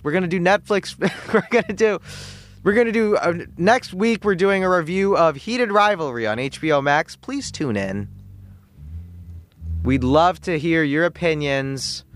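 High-voiced sarcastic male radio host. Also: fairly bright tone. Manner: sarcastic, rambling, self-interrupting. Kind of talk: comedic monologue rant.

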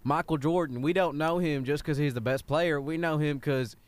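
A man's voice: a little high, very fast, no echo, close to an everyday voice. A man playing a brash football head coach in an improvised comedy sketch, giving a rambling pep talk with a slipping Southern drawl. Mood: blustering.

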